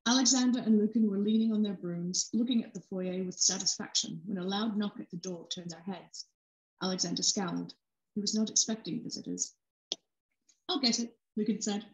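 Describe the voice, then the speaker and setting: A woman author reading a passage of her novel aloud with steady, expressive narration. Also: mid-range voice. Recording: roomy echo.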